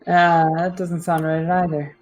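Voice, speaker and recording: Low-voiced woman player, hesitant and formal. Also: level tone, measured pace, a little mellow, reverberant. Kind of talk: in-character tabletop play.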